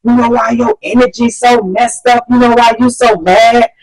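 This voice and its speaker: A man's voice: extremely high pitch, fairly even intonation, normal speed, pitched above the performer's own voice, poor audio. A woman voicing a jealous, hot-headed teenage boyfriend who confronts and accuses. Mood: accusing. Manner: heated, confrontational.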